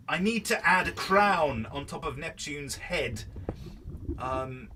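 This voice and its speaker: A man's voice: fairly high pitch, pushed and bright, slight background noise. A man, rambling playfully through let's play commentary. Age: early 30s. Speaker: gaming host. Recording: slightly distant mic, background music. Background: background music.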